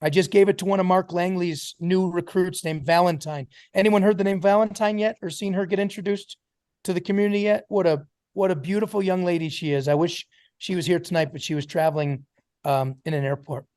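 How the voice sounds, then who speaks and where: A man's voice: high-pitched, steady tone, fairly quick, a little mellow, no room sound, clean studio sound. A man giving an emphatic motivational talk to a sales team on a video call, calling on listeners by name.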